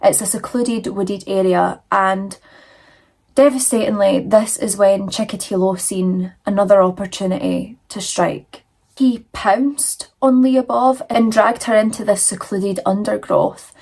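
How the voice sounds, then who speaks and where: A woman's voice: medium pitch, steady tone, measured pace, vocal fry, darkish tone. A woman telling true crime stories in a chatty, dramatic way with frequent fillers, talking casually while she does her makeup and feels cold.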